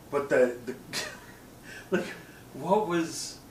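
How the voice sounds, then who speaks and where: High-voiced guy ranting about a movie, echoey room, sounds far from the mic. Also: very slow, a little hiss or hum. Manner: exasperated, animated reactions. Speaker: co-host. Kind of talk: casual movie review chat.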